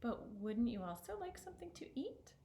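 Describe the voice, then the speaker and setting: A hungry old peasant wife from a told folktale, sharp-tongued and quick to exclaim, pitched higher than the narrator, as a woman storyteller puts her on. It sounds roomy and echoing. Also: sing-song, slight background noise. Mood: welcoming.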